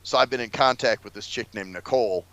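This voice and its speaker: A man's voice: mid-range voice, fast, a bit bright, no echo, muffled recording. A man telling a story in casual, profane podcast chat with a co-host.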